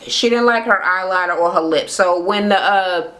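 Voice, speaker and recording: Profane, animated woman ranting a recap. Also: fairly low pitch, moderate pace. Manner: profane, animated, acts out quotes in voices. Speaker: reality TV recap host. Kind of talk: casual recap rant. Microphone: camera mic, talking to camera.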